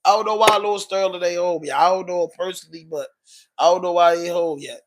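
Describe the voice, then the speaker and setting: A man's voice: high voice, steady tone, brisk, background noise. A man with a Baltimore accent hosting a casual livestream podcast, talking loosely in slang while answering viewer comments. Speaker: podcast host.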